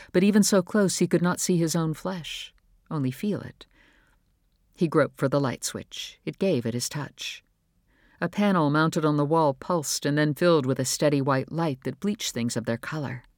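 A man's voice: fairly high pitch, dry recording. Man narrating a novel in a dry voice. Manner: measured, even storytelling. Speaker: audiobook narrator. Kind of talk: scripted narration.

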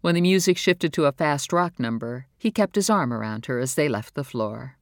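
Calm, measured audiobook narrator. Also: mid-range voice, no echo, clean studio sound.

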